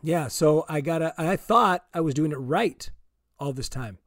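A man's voice: fairly high pitch, normal speed, fairly bright tone, dry recording, studio quality. A man with a sore throat chatting casually, teasing and easygoing. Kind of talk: casual chat.

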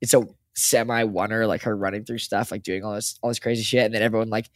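A young man co-hosting a podcast, chatting casually and excitedly, swearing and saying "like" and "dude" a lot. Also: on the low side, quick pace, no echo, clean studio sound. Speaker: podcast co-host. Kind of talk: casual chat.

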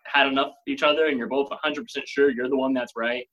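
A man with a husky, slightly breathy voice at an ordinary middle pitch. He talks casually on a podcast and works through his points with everyday examples. He fills the gaps with plenty of "like" and "you know.". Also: fairly even intonation, fast talker, fairly bright tone, low-quality recording. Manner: explains with examples, many fillers.

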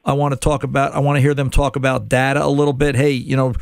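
A man's voice: medium pitch, monotone, fast talker, vocal fry, smooth, no echo, studio quality. A middle-aged man hosting a call-in car-repair radio show, explaining in a casual, conversational way and repeating words while he thinks.

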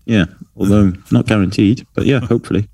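Low-pitched male co-host, dry and self-deprecating, close dry mic. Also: fairly even intonation, brisk, creaky, warm tone, slightly rough, no room sound. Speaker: podcast co-host. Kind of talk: casual chat.

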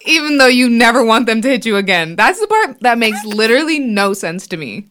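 Calm young woman podcast co-host. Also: fairly high pitch, a little fast, slight background noise. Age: young adult. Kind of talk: casual chat.

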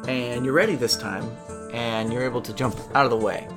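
A man serves as game master for a tabletop adventure, narrating in an easygoing, chatty way and laughing often. His voice sits at a medium pitch, with faint guitar music playing beneath him.

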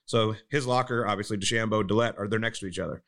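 Fast-talking man telling a prank story. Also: lowish voice. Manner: animated storyteller, acts out voices of others. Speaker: pro golfer and podcast co-host. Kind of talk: casual storytelling chat.

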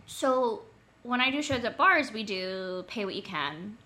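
Bright young woman rambling on a podcast, lots of likes, faint hiss behind. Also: medium pitch, expressive, a little slow. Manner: chatty, heavy use of "like". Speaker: podcast co-host. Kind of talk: casual chat.

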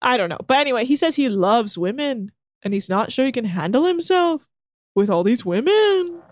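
A woman's voice: a little high, lively intonation, a little fast, no echo, clean studio sound. A woman co-hosting a podcast, recapping a show in casual, crass chat and laughing often.

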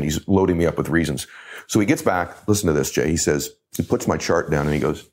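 A man with a very low voice speaks as a podcast guest. He tells his story with punchy emphasis and repeats key phrases to drive them home. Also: fast, darkish tone. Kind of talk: energetic storytelling in a podcast interview.

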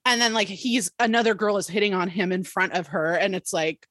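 A woman's voice: mid-range voice, a little fast, no room sound, studio quality. A young adult woman co-hosting a podcast, recapping a TV episode in casual chat, laughing often and acting out the characters' lines. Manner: animated, laughs often, acts out quotes. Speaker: podcast co-host.

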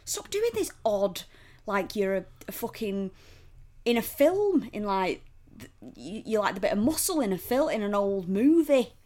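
A young woman chats casually as a podcast co-host. Her pitch swings widely, and she rants and swears freely. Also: normal speed. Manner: animated, sweary, ranting. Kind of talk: casual chat.

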